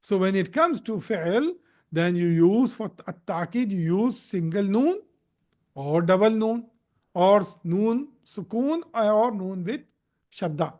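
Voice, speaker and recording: A man's voice: sits high, expressive, a little mellow. A man teaching Arabic grammar in a live recorded lesson. He explains step by step, repeats key points, corrects himself and often checks in with "Okay?". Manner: slow, repetitive explaining with frequent "Okay?" checks and self-corrections. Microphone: recorded in a live video session.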